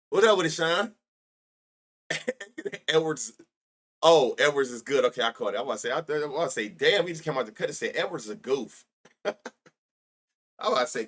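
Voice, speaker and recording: A man's voice: medium pitch, fairly bright tone. A young man streaming live about sports bets, rambling and profane, laughing often and talking straight to his chat.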